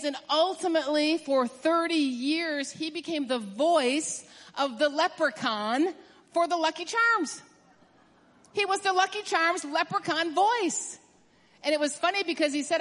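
A woman delivers a sermon with a high voice. She talks emphatically, racing through some phrases and slowing down hard on others for stress. Her voice rings with the long reverb of a large hall. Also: a bit bright. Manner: emphatic, swings from quick bursts to drawn-out stresses. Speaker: preacher.

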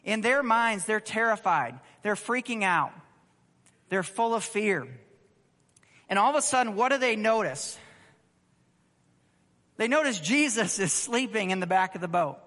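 A man preaching a sermon, conversational and animated, asking the congregation rhetorical questions. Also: sits high, long reverb tail. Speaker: pastor.

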